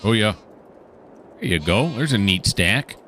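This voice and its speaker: Deep-voiced man rambling over gameplay. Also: lively intonation, measured pace, fairly bright tone, slight background noise. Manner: rambling self-talk, chatting to the game animals. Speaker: gaming channel host. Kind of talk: casual gameplay commentary.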